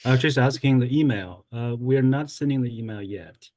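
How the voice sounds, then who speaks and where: A man co-hosting an online class speaks briefly and helpfully, with small hesitations. His voice is mellow and dry, with no room around it. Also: medium pitch, normal speed, no room sound. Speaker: co-host. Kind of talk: casual meeting talk. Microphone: video call.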